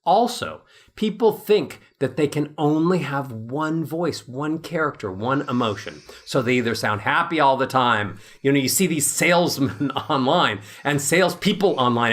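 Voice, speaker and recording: Man, voice coach, fairly high voice, very lively pitch swings, demonstrates as he talks. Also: moderate pace. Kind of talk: animated interview talk.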